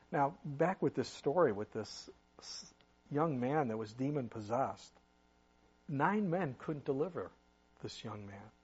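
Husky middle-aged pastor preaching conversationally. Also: male voice, a little high, darkish tone, dull audio. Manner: conversational preaching with asides and quick emphatic rises. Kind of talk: sermon.

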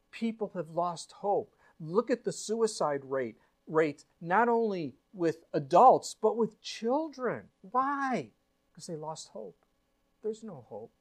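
A man, a pastor, preaching a sermon in an earnest way, full of rhetorical questions and acted-out quotes. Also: sits high. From United States.

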